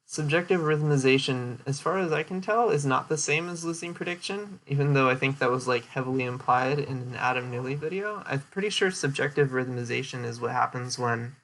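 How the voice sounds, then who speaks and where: A man's voice: mid-range voice, a little fast, few pauses, fairly bright tone. A young man casually explaining a presentation he gave, rambling with lots of fillers and restarts. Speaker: streamer giving a presentation recap. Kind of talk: casual chat.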